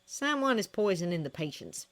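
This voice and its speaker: A woman voicing an intense male doctor with an American accent, quiet and blunt. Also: fairly low pitch, sing-song, moderate pace.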